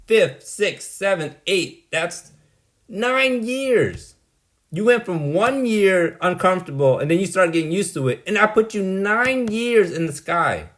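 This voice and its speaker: Slow, lively-pitched dismissive man rambling. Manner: dismissive, repeats "right?" and "like"; blunt, exasperated. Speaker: vlogger. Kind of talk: rambling monologue.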